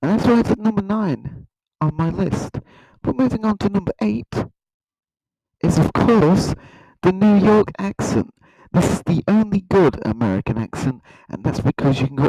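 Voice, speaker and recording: A man giving a mock-earnest, rambling satirical countdown in a deadpan way. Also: a little high, normal speed, husky, no echo, low-quality recording. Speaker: comedy YouTuber.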